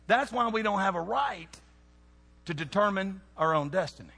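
A man preaching a sermon to young people, animated and throwing questions out to the crowd. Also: high-pitched, normal speed, creaky, slightly rough. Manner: animated, asks the audience questions. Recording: long hall reverb.

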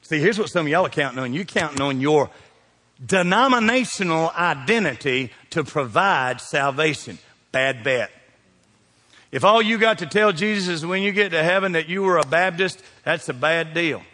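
A man with a Kentucky accent, preaching a lively sermon as pastor and firing questions at his congregation. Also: a little high, normal speed. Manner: animated preaching with call-and-response questions. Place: church sanctuary. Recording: long hall reverb.

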